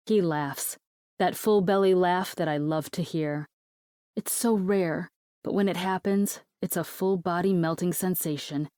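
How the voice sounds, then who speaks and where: A woman narrating a first-person romance audiobook in a steady, intimate storytelling manner. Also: on the low side, dry recording, clean studio sound.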